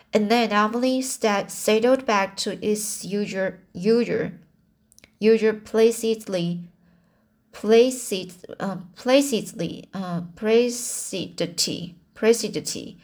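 Woman audiobook narrator, very slow and deliberate, stumbles and self-corrects, mid-range voice. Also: mid-range voice, a little mellow. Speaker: audiobook reader.

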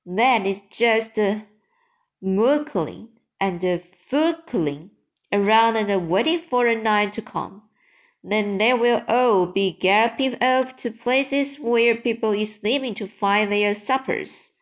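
A woman's voice: medium pitch, takes it slowly, lightly acted. Woman reading as a muddled, friendly giant. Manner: jumbled grammar and invented words. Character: big friendly male giant, kindly and muddled. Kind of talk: read-aloud storybook.

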